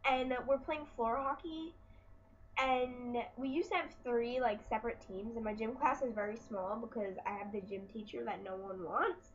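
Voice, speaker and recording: A woman's voice: fairly high pitch, steady tone, moderate pace, lo-fi sound, slight background noise. A teenage girl vlogging at home, chatty and exasperated as she retells her school day. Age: teens. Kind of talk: casual storytelling vlog.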